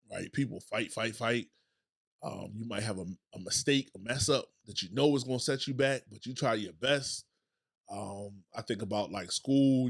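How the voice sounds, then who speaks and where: A man hosting a motivational podcast who also teaches students, talking in an animated, preacher-like way with casual colloquial phrasing. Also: medium pitch. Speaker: podcast host; educator with students.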